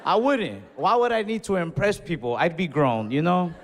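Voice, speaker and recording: Laid-back stand-up comic, reverberant hall. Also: male voice, sits high, expressive, moderate pace, vocal fry, very noisy. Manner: laid-back storytelling, acting out his own outbursts. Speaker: stand-up comedian. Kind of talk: stand-up comedy set. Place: comedy venue, large hall. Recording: live hall reverb, faint crowd ambience.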